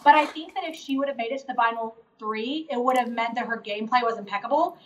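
A high, sharp-toned woman chats freely as a guest over a video call. Her talk runs quickly and leans on casual fillers. The sound is distant and dull. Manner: chatty, quick, heavy use of "like" fillers. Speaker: interview guest, reality show contestant. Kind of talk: casual live Q&A chat.

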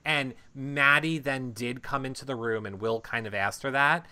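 A man hosting a casual chat, retelling events in an animated way with lots of fillers. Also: mid-range voice, moderate pace, clean tone. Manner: animated storytelling with many fillers. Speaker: reality show recap host.

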